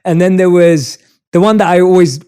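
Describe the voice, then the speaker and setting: A chatty London host with a voice pitched a touch above most men's, soft and mellow in tone. He introduces his guest with enthusiasm, then slips into easy, friendly conversation. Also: normal speed, clean tone. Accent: London English. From North London, England. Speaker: podcast host. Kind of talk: interview intro and casual chat.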